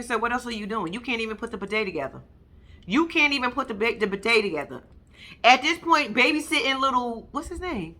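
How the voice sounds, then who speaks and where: Sassy, bright-voiced woman recapping reality TV. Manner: sassy, blunt, talks straight to viewers; swoops up high when excited. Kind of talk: casual recap commentary.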